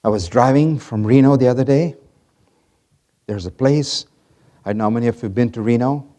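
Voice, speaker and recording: A middle-aged man preaching a sermon, telling stories dramatically and swinging from loud to hushed. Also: mid-range voice, normal speed. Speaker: pastor.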